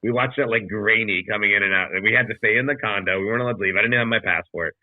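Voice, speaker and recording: A man's voice: fairly low pitch, racing, no echo. Man telling a story over a tinny call. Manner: profane, rambling anecdote with acted quotes. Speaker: comedian podcast co-host. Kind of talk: casual storytelling. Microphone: video call. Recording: dry tinny video call audio.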